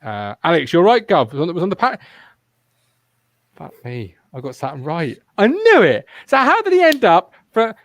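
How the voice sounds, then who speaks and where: A man's voice: high voice, wildly swooping pitch, normal speed, no echo. A man hosting a casual football fan podcast, rambling and swearing freely as he chats. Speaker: podcast host.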